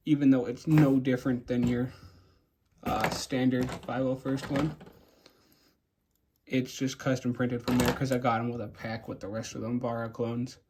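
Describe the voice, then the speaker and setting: A man's voice: mid-range voice, noisy background. A young man casually showing and rating his custom toy figures, rambling with frequent fillers and restarts. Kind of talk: casual show-and-tell.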